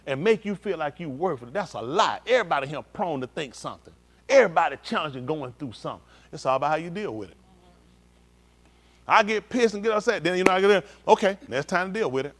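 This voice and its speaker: Male preacher, high and lively voice, informal sermon with shouted bursts. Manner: animated, shouting bursts, acts out scenes. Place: synagogue hall.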